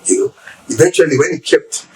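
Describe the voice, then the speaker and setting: Lively Nigerian man telling his story. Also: fairly high pitch, a little fast, far from the mic, rough recording. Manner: animated, acts out quoted voices. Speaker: interview guest. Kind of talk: casual storytelling.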